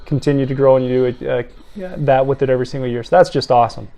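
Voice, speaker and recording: A male host with a warm, mellow voice leads a relaxed interview. He is friendly and affirming toward his guest, and faint music sits underneath. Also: medium pitch, fast talker. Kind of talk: casual interview.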